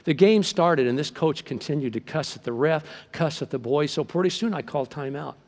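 A man's voice: fairly high pitch, brisk. Middle-aged male pastor preaching in a reverberant hall. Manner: animated storytelling, acting out quoted voices. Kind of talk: sermon. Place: large church hall. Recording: long reverb from a large hall.

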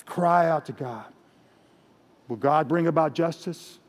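A man's voice: a little high, measured pace. A man with a Mexican American accent preaching a sermon as pastor, earnest and direct, often repeating his phrases. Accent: Mexican American English. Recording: long hall reverb.

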